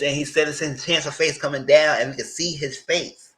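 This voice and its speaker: A man's voice: normal speed, fairly bright tone, poor audio. A man in casual recap commentary on a reality show, chatty and conversational, speaking. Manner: chatty and conversational, breaks into high mock voices when quoting.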